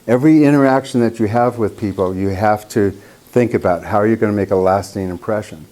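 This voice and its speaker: A man's voice: fairly low pitch, a little fast, dark tone. A man teaching a group of painters in a casual workshop, a chatty storyteller who acts out the voices of people he quotes. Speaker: painting instructor.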